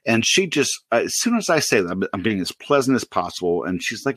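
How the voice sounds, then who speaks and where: A man in his forties on a podcast, casually telling a workplace story with lively laughs and put-on voices. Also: mid-range voice, a little fast, few pauses, slightly rough, no echo. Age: 40s. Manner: animated storyteller, loud impressions and laughter. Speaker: podcast co-host.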